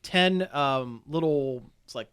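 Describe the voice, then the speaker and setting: A man's voice: on the high side, slow pace, fairly bright tone, clean tone. A man hosting a podcast, chatting casually and rambling with lots of fillers and restarts. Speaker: podcast host. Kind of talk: casual chat.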